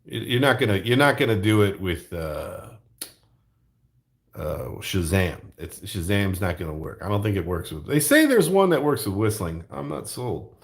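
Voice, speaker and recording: A man's voice: fairly low pitch, sing-song, normal speed, vocal fry. A middle-aged man hosting his own channel, rambling jokily in casual chat and laughing often. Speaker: YouTube art channel host.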